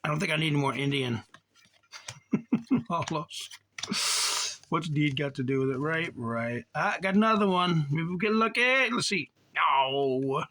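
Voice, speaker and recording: A man hosting a card-collecting channel chats his way through a box opening, rambling and reading player names as he goes. His voice is bright and a touch high, with a gravelly fry. Faint noise sits under the recording. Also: animated, normal speed. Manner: chatty, rambling, reads card names aloud. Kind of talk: casual box-opening commentary.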